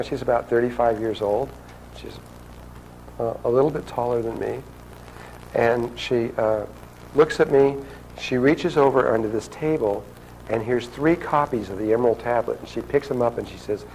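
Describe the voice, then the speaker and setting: A man's voice: mid-range voice, a little mellow, a little hiss or hum, poor audio. A man telling a personal story to an audience in a loose, conversational way, acting out the dialogue. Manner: conversational, acts out quoted dialogue.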